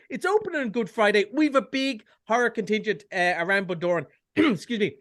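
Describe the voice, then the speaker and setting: An Irish man reviewing films on a radio chat show, chatty and enthusiastic with quick jokes and asides. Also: very high-pitched, expressive, a bit bright. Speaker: cinema film reviewer. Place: radio studio.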